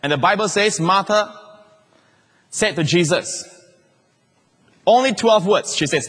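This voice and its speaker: Pastor, male, fairly high voice, lively emphatic sermon delivery with hushed low drops, echoing church hall. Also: measured pace, pauses often. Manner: animated preaching, rising to excited emphasis and dropping to soft, low asides.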